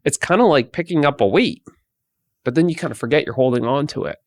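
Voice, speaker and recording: A man teaching about emotions in a slow, repetitive way, often restarting his sentences. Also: medium pitch, animated, darkish tone, no echo. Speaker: meditation teacher. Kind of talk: spoken guidance talk.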